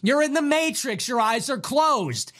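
A man hosting a livestream, ranting in a sarcastic, mocking, taunting way. He jumps between loud, high outbursts and low grumbles. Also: lively intonation, measured pace. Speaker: livestream host.

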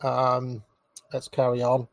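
A man's voice: medium pitch, monotone, takes it slowly, gravelly, dry recording. A man hosting a live political stream, reading out posts and mocking them sardonically.

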